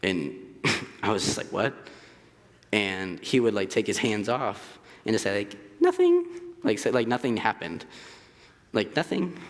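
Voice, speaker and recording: A young man in his twenties giving a hesitant personal testimony at church, often pausing with fillers. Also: fairly low pitch, steady tone, fairly bright tone. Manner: hesitant, searching for words with many fillers. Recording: reverberant church hall.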